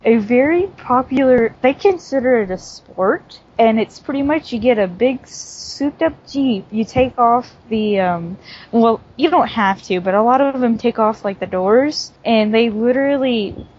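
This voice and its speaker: Husky-voiced woman rambling on a podcast. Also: fairly high pitch, a little slow, a little mellow. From southern United States. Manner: rambling, laughs often. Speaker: podcast guest. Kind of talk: casual chat. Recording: dull lo-fi audio.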